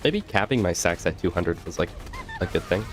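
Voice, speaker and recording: A man's voice: deep voice, big pitch swings, brisk, soft background music. A young man giving casual gameplay commentary with joking, rambling asides to viewers. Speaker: gaming video host.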